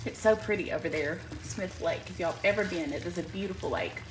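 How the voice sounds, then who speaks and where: Hosting a live home cooking stream from her kitchen, a Southern woman from Alabama chats in a folksy manner, greets viewers by name, and says "y'all" often. Her allergies keep her clearing her throat. Her voice sits on the low side and moves fast, and the poor audio carries a slight hiss or hum.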